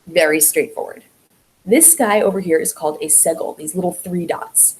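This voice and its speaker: A woman's voice: lowish voice, poor audio. Woman teaching an online language class. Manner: patient, explaining step by step; drawn-out sounds when showing vowels.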